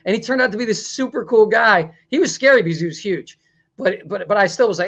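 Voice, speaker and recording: A man's voice: high-pitched, fast, creaky, fairly bright tone. A man hosting a talk show, chatting in a rambling way and laughing often. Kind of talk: casual talk show chat.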